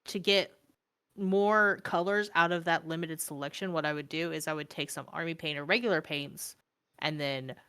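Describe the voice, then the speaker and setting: Low-voiced young woman, rambling chat. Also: fairly even intonation, normal speed, pushed and bright, clear, resonant tone. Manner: rambling, filler-heavy, laughs often. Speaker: stream co-host. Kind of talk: casual chat about miniature painting.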